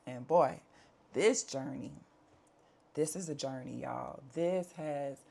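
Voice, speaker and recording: A woman's voice: a bass voice, slow pace, gravelly, dark tone. A woman, talking candidly to camera at home in a chatty, earnest way with plenty of fillers. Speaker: vlogger. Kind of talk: candid life-update talk to camera.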